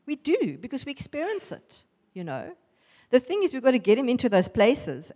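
A woman giving a lively testimony sermon to a women's church gathering, acting out the voices in her stories. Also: sits high, moderate pace, long reverb tail. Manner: animated storytelling, acting out voices. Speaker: women's ministry speaker. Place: church hall.

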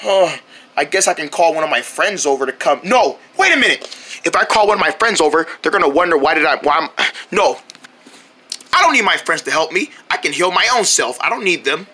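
Brief: stubborn bedridden cartoon critter, voiced by the performer, lively swoops, bright husky voice. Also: mid-range voice, brisk. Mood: fretting. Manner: complaining, lively, exaggerated, yelling at times. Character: hurt, stubborn, grumpy cartoon character Foxtail. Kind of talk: homemade cartoon voice acting.

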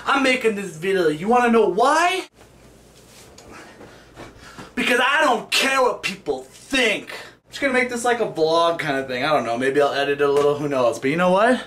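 A man talking casually to the camera in a vlog, animated and playful as he hypes himself up for his viewers. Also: high-pitched, normal speed. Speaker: vlogger. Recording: echoey room, camera at a distance.

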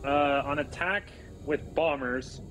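A young man giving tactics to his team over casual voice chat, talking in halting bursts with many fillers and restarts. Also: fairly high pitch, fairly bright tone, faint music behind, rough recording. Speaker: squadron leader and streamer.

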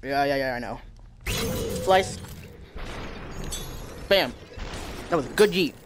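A young man giving casual let's-play commentary while playing a VR game, reacting with loud exclamations. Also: medium pitch, expressive, slow. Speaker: gamer playing VR with a friend. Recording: noisy with game gunfire behind.

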